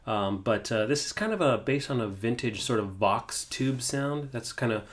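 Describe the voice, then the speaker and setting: A man's voice: mid-range voice, moderate pace. A man hosting a guitar amp tutorial, talking casually with lots of "uh"s and restarts. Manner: relaxed, many fillers and restarts. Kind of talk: casual gear demonstration.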